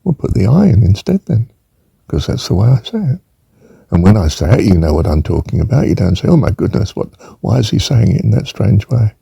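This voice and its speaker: A man's voice: fairly low pitch, sing-song, a little fast, vocal fry, mellow, slightly rough, dry recording. An older man giving an informal spelling lesson, rambling and musing aloud, drawing out words as he says them and adding chuckling asides. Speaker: teacher.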